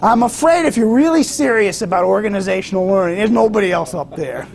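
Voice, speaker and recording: A man's voice: sits high, animated, quick pace, gravelly, darkish tone. A man giving a conversational lecture to a group, who tells stories and invites questions. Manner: varied pace, storytelling, asks for questions.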